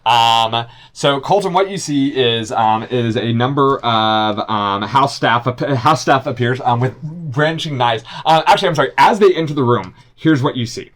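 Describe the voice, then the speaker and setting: A man narrating as game master, halting and restarting often, with sudden shouted character lines. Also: mid-range voice, expressive.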